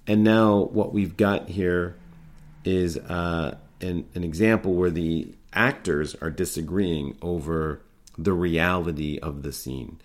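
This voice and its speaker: A middle-aged man with a very low voice talks through an improv lesson. He speaks informally, rambling and restarting his sentences with plenty of fillers. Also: moderate pace, a little mellow. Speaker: improv teacher.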